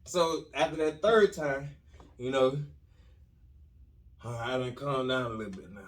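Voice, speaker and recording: A man hosting a podcast who tells a comic story in an animated, repetitive way with lots of slang and restarts. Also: medium pitch, measured pace, distant mic. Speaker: podcast host telling a story.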